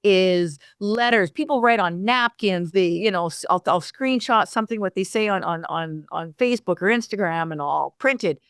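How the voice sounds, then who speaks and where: Animated woman telling stories on a podcast. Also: mid-range voice, moderate pace, hardly any pauses, clear, resonant tone, no echo, studio quality. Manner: animated storyteller, frequent restarts. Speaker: podcast co-host. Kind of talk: casual conversation.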